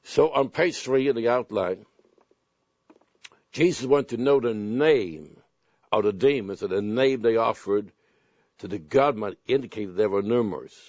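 A man preaching a sermon, telling personal stories and reading scripture slowly and deliberately. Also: on the low side, darkish tone, dry recording. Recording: dull lo-fi sound.

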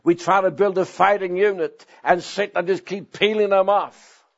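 A middle-aged or older man preaching a sermon as pastor, earnest, with sudden swings in pitch and slow emphatic phrases. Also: steady tone, creaky. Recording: dull lo-fi sound.

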